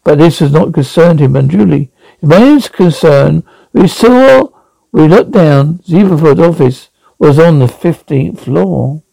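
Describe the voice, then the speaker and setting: A man's voice: fairly high pitch, expressive, measured pace, vocal fry, warm tone, no room sound, low-quality recording. A man reading an audiobook aloud, often stumbling and correcting himself. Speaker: audiobook reader. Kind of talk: audiobook narration.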